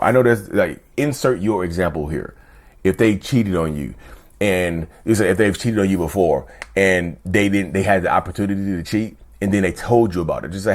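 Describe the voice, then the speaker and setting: Man, low-pitched voice, earnest casual vlog talk, repeats himself, sudden high jumps for emphasis. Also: lively intonation, fairly quick, darkish tone. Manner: earnest, repetitive, keeps asking "you see what I'm saying". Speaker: YouTube channel host.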